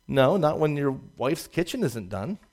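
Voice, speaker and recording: Guy preaching a sermon, gets loud and high then drops way down, chuckles a lot. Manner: animated preaching, rising loud for emphasis and dropping low; laughs at his own jokes. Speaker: pastor.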